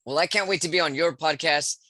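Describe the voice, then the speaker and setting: A man's voice: on the high side, fast, sharp tone, no echo. A man hosting a podcast interview, effusive and full of thanks to his guest. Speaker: podcast host.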